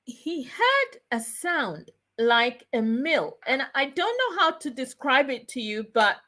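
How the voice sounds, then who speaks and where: Slow, deliberate woman storyteller. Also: sits high, very animated, pushed and bright. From Ghana. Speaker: chat show host. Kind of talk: storytelling with a moral.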